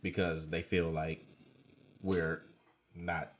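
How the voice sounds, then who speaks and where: A man speaks in a very deep, low voice. He chats casually as a co-host. He stops and restarts often, filling the pauses. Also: little pitch movement. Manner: halting, many fillers and repeats. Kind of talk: casual chat.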